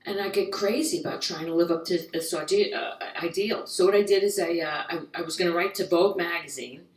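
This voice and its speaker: An American woman doing a stand-up comedy monologue, quick and jokey, slipping into little voiced asides. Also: lowish voice, reverberant, far from the mic, poor audio. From United States.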